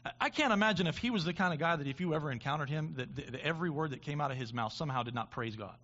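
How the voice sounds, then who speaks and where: A man's voice: a little high, sharp tone. Man preaching a sermon, lo-fi. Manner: halting restarts, builds to impassioned preaching. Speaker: pastor.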